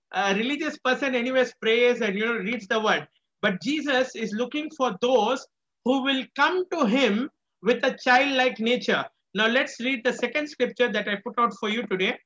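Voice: medium pitch, fairly bright tone, highs cut off, slight background noise. A preacher with a small child, delivering a sermon emphatically, repeating key phrases and asking rhetorical questions. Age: adult with a small child.

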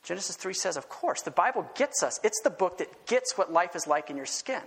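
A male pastor preaching an animated sermon full of rhetorical questions and emphatic repetition, recorded in a church sanctuary with a long reverb. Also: high-pitched, brisk, slightly rough.

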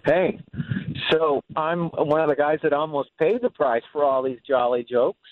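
A man's voice: a little high, normal speed, no room sound. A man calling in to a radio show, telling a story about himself in a matter-of-fact way. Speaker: caller. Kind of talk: phone-in storytelling. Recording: tinny phone line.

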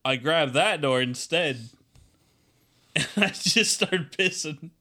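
A man's voice: on the high side, lively intonation, takes it slowly, bright, forceful tone. A man co-hosting a podcast, telling a rambling, crude story in casual chat and laughing at it. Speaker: podcast co-host.

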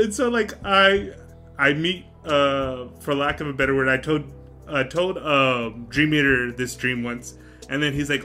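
A man with a tense, bright voice sitting a little higher than most, co-hosting a relaxed podcast. He rambles through his stories, laughing and cursing as he goes. Faint music plays quietly behind him. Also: normal speed. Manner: rambling and animated, laughs often, swears. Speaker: podcast co-host. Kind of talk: casual chat.

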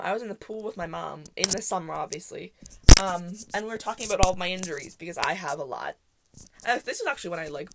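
A woman's voice: lowish voice, vocal fry, noisy background. A woman hosting a casual solo podcast, telling stories in a rambling way, often correcting herself and laughing. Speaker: podcast host.

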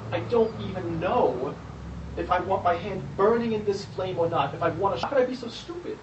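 A man with a slightly high voice asks searching questions from the audience. He sounds far from the mic in a roomy space. Faint noise sits under him. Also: lively intonation, a little fast, muffled recording. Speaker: audience member asking questions.

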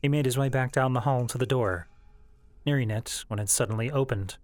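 A man narrating a fan novel as an audiobook in a steady, measured storytelling voice. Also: medium pitch. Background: faint background music.

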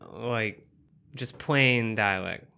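Smooth-voiced man, mild Southern accent. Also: lowish voice, extremely slow, bright, forceful tone. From Southern United States. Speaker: podcast co-host. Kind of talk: casual chat recapping a film.

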